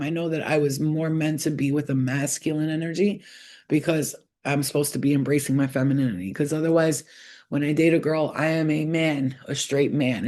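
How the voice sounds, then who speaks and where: A woman giving a casual tarot reading to her viewers, blunt and profane, telling animated stories. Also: sits low. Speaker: tarot reader. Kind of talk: casual spiritual talk to viewers.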